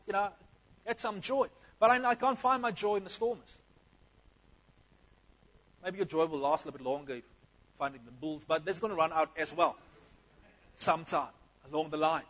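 A man's voice: high voice, breathy edge, muffled recording. A man preaching a sermon, talking to the congregation directly with energy and in a conversational way.

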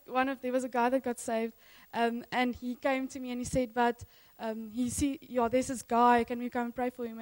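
High-voiced woman, eager rambling church testimony with frequent laughs. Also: low-quality recording. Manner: enthusiastic, rambling, laughs often. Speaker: church member sharing mission testimony.

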